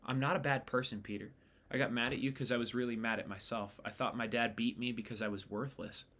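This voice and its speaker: A man reading the lines of a remorseful teenage boy in a quiet, pleading way. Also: medium pitch, fairly even intonation, quick pace.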